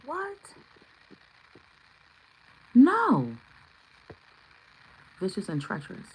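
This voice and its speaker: A woman doing a live tarot reading, chatting with viewers, excitable and swearing freely. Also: mid-range voice, very slow, husky, low-quality recording. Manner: excitable, swearing, bursts into shouts. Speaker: tarot reader.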